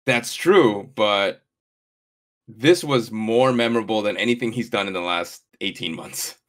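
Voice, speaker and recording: A man's voice: on the low side, unhurried, fairly bright tone. Enthusiastic man chatting about wrestling. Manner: enthusiastic, emphatic agreement. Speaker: podcast co-host. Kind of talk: casual wrestling recap chat.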